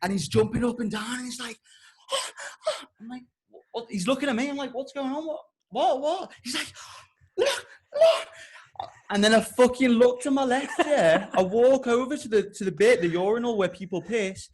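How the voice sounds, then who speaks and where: A young man on a podcast, telling a comic story with heavy swearing and loud, exasperated outbursts. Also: very high voice, fast, hardly any pauses, breathy edge. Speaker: podcast co-host.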